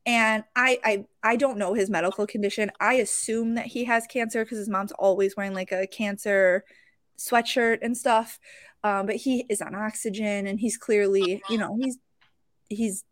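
A woman's voice: mid-range voice, moderate pace, dry recording. Chatty woman host with a dry, close sound. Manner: animated, emotional, with many fillers and restarts. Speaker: podcast host and card show vendor. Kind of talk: casual storytelling.

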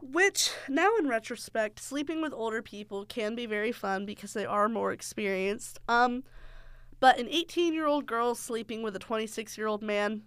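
Frank, sarcastic young woman, crisp voice. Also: a little high, a bit bright, no echo, studio quality. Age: young adult. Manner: frank, sarcastic, swears freely. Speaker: podcast host. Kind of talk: candid storytelling monologue.

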